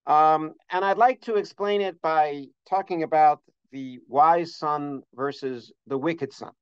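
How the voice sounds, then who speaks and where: A man's voice: on the high side, unhurried, clean tone, dry recording. A middle-aged man teaching a scholarly holiday lesson, earnest and detailed in citing sources, with frequent uhs. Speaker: religious teacher. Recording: dull, dry lo-fi recording.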